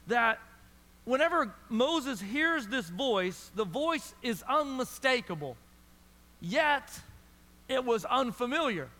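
A man's voice: very high voice, pushed and bright. A man preaching a sermon to a church audience, in a conversational style with frequent restarts. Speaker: pastor. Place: large church hall. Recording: long hall reverb.

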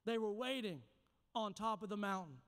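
A man's voice: high voice, normal speed, a bit bright, clean tone. A man preaching a sermon as pastor, passionate and dramatic, with many questions to the congregation. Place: church sanctuary. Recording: echoey church hall.

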